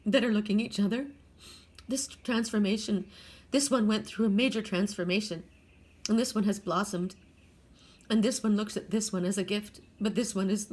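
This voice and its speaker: A woman's voice: medium pitch, a little mellow. An older woman giving a casual spoken oracle card reading, earnest and spiritual, talking straight to viewers with frequent restarts and self-corrections.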